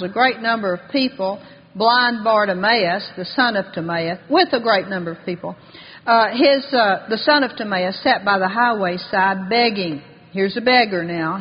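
A woman preaching a sermon with fervor, reading scripture aloud and slowing down to stress key words. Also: on the high side, slightly rough. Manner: fervent, slows and rises for emphasis, reads scripture aloud. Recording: dull long-reverb hall.

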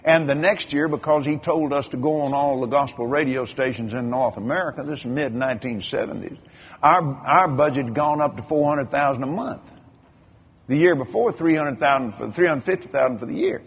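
A man's voice: mid-range voice, fairly quick, husky. An older man preaching a sermon, telling stories with repeated words and acted-out quotes. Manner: animated storytelling, acts out quoted voices, repeats words. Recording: dull lo-fi recording.

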